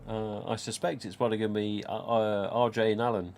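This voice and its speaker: A man chats loosely on a live stream, wandering from point to point and reading viewers' messages aloud. His voice sits a little low. A faint hiss of room noise runs under the recording. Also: level tone, a little fast, a little mellow. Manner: chatty, rambling, reads viewer comments aloud. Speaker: live stream host, mask collector. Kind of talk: casual live stream chat.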